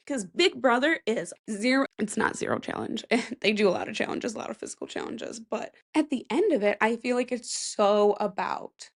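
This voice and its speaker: A young woman hosting a casual solo podcast, chatty and rambling, with self-mocking asides and a voice that cracks now and then. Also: medium pitch. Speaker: podcast host.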